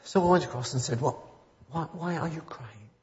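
A man's voice: on the high side, fairly quick, a little mellow. A man preaching an informal sermon, telling stories in a rambling, conversational way and building to fervent emphasis. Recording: muffled church recording with long reverb.

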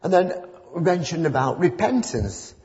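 A man's voice: on the high side, big pitch swings, normal speed, a little mellow. Man, chatty rambling sermon, muffled sound, long echo off the hall. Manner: rambling, conversational, rising to fervent emphasis. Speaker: preacher. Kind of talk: informal sermon with anecdotes. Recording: muffled church recording with long reverb.

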